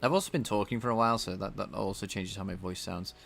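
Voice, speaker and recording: A man with a slightly nasal voice, thinking out loud as he codes live and talks to his chat. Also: deep voice, fairly even intonation, fast talker, creaky, a little hiss or hum. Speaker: game developer streaming his coding. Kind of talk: casual live-coding chat.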